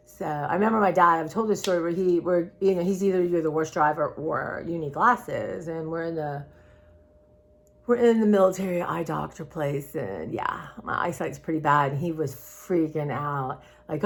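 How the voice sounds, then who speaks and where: A woman's voice: deep voice, moderate pace. Rambling older woman chatting to viewers. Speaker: vlogger. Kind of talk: casual chat to camera.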